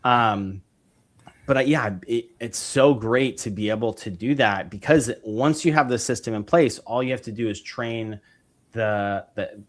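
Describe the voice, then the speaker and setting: Speaking unhurriedly in a medium pitch, a man who invests in real estate chats casually as a podcast guest. He explains his business methods with enthusiasm, rambling and filling his speech with fillers and restarts.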